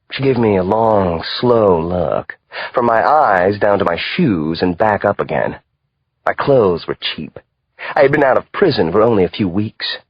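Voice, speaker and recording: A male audiobook narrator voicing a cold, calculating contract killer who speaks in a calm, hard way. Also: on the low side, husky, no room sound, lo-fi sound, full character voice. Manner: calm, hard, matter-of-fact.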